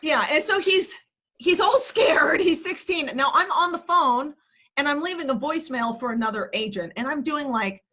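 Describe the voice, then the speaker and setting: A woman in her forties, a real estate agent and coach, telling stories in a lively, profane, laughing way from her office in a casual interview. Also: high-pitched, normal speed. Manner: animated, profane, laughing storyteller.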